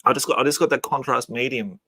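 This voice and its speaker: Bright-voiced man chatting about his hobby. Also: medium pitch, fairly even intonation, quick pace, husky, no echo. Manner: easygoing, rambling explanations. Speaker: channel host. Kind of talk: casual hobby chat over video call.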